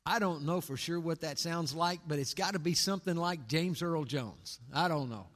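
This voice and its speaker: High bright-voiced preacher in a reverberant church. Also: male voice, normal speed. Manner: dramatic swings between hushed and booming delivery. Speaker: pastor. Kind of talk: sermon. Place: church sanctuary. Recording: long hall reverb.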